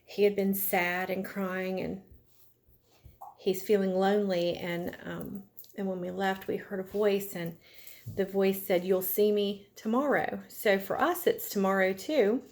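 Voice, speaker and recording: A woman teacher reading a chapter book aloud to her class, gently stopping to ask the children questions. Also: mid-range voice, fairly even intonation, measured pace.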